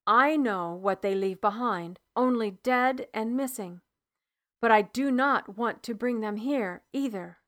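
An impatient young clansman pushes for news in this storybook voice, read by a woman. He sounds urgent and pointed, his pitch sitting rather high. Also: unhurried, a bit bright. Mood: resolute. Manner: urgent, pressing questions. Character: tense impatient young man, a clan healer.

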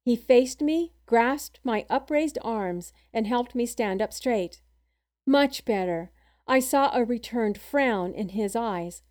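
A woman's voice: on the high side, slow pace, a little mellow. Woman narrating a first-person audiobook.

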